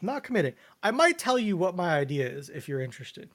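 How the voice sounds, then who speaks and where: A man's voice: sits high, very animated, fast, a bit bright. A young man co-hosting a podcast, chatting in a laid-back way and laughing easily. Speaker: podcast co-host. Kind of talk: casual chat.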